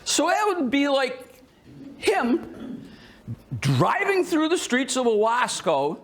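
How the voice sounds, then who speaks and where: A man with a notably high voice gives a history talk to a live audience in a museum. He is jokey and animated and keeps quizzing the crowd. His delivery stays conversational and teasing throughout. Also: slow. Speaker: history presenter. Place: indoor museum hall with an audience.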